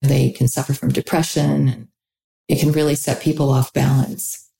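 A woman who founded a perfume brand, answering interview questions in a calm, measured, explanatory way. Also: rumbling low, creaky. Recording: echoey room.

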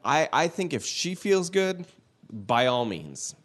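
A man co-hosting a casual celebrity news podcast, chatty and loose, swearing casually and jumping up in pitch when excited. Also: slow. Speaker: co-host.

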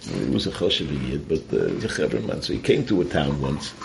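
A man's voice: very deep voice, very animated, fast, vocal fry, a little hiss or hum, poor audio. A man giving a Torah talk full of stories, mixing in Yiddish and Hebrew terms. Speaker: Torah teacher.

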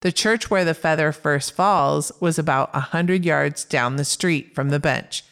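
Woman cohosting a movie podcast, smooth clear voice, upbeat trivia chat. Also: low voice, measured pace, fairly bright tone. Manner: reads film facts, upbeat. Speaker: podcast co-host. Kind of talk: casual film-trivia chat.

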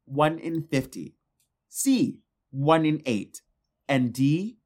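A woman's voice: deep voice, lively intonation, slow, darkish tone. A woman hosting a casual trivia game among friends, teasing and upbeat as she announces answers. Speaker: quiz host.

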